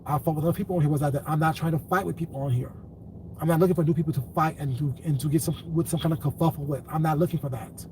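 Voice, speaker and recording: A man on a live stream addresses his viewers in a long, blunt lecture that tips into cursing. His voice sits a little high. He is a little away from the microphone, with faint room noise behind him. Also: fairly even intonation, very fast, a little mellow. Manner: lecturing, then cursing angrily. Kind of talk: live-stream rant to chat. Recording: distant mic, faint ambient noise.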